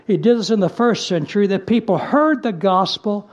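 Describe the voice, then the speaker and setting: A man preaching a sermon, earnest and emphatic, repeating key phrases and slowing down to stress scripture, with casual asides in between. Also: sits high, muffled recording. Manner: conversational asides with fillers.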